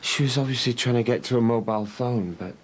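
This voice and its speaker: An actor playing a guilt-ridden middle-aged father, speaking haltingly and remorsefully. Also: mid-range voice, a little hiss or hum, lightly acted. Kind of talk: TV soap drama.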